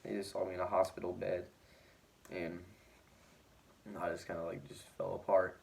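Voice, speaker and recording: Rambling teenage guy, low voice. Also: monotone, normal speed, creaky, a little mellow, slight background noise. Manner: rambling, heavy use of "like" fillers. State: injured, shaken. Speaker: vlogger. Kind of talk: casual storytelling to camera.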